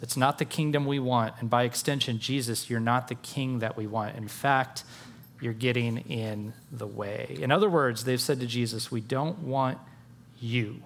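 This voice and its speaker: A man preaching a sermon, earnest, dropping quiet for emphasis and rising for rhetorical questions. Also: mid-range voice, steady tone, moderate pace, creaky, a little hiss or hum. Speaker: pastor.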